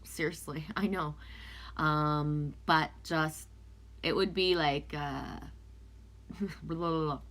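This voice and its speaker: Brief: casual card-reading streamer, woman, native French speaker, slightly low voice, loose and chatty. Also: steady tone, slow pace, long pauses, a bit bright. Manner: chatty, loose, talks back to viewers' comments. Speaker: oracle card reader.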